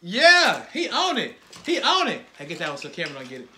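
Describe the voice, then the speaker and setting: A man's voice: sits high, wildly swooping pitch, fairly quick, pushed and bright, slight background noise. A man, a father hosting his family's vlog, hyping up viewers and teasing his son in casual commentary. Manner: hyped, teasing, calling out to viewers. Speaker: channel host and father.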